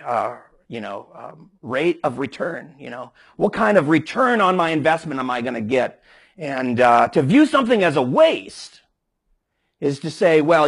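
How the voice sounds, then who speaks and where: A man's voice: fairly high pitch, slightly rough. A man preaching a sermon emphatically, with frequent restarts as he explains scripture. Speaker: pastor.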